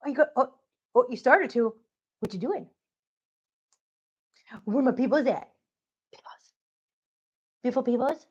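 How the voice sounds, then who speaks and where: A woman's voice: high voice, measured pace, pauses often, darkish tone, slightly rough, highs cut off. A woman vlogger walking around her home with a handheld phone, chatting casually and cooing at her cats in affectionate baby talk, laughing often. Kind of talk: casual live-stream chat. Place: home living room and outdoor catio.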